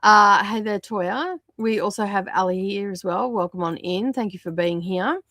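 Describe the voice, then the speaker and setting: A woman hosts a casual livestream, greeting each viewer by name and chatting along. Her voice is croaky and scratchy from a sore throat, sitting at an ordinary pitch for a woman. The sound is dry and close, with no room echo. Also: moderate pace, fairly bright tone. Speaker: livestream host. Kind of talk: casual livestream chat reading out viewer comments.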